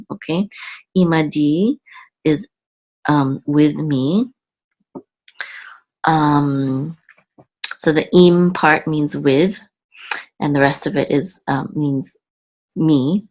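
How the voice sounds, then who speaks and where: A woman teaching Biblical Hebrew word by word, patient, repeating each word and checking in with "okay?". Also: deep voice. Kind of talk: word-by-word Hebrew reading lesson.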